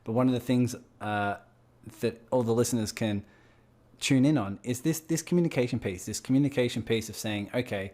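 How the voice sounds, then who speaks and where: A man's voice: mid-range voice, brisk, darkish tone. A man hosting an interview, thoughtfully restating and building on his guest's points in casual talk. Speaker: podcast host.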